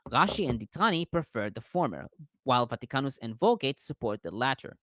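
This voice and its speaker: A man reading out scholarly commentary on a text, careful and measured, stumbling now and then on long words. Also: medium pitch, sing-song, a bit bright, no echo, studio quality. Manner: careful reading with small restarts on hard words.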